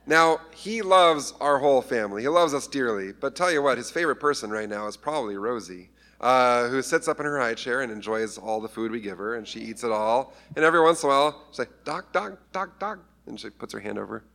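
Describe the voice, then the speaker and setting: Male pastor, casual sermon, mid-pitched, playful with acted scripture voices. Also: lively intonation, fast, hardly any pauses, a bit bright. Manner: conversational, acts out scripture voices with humor.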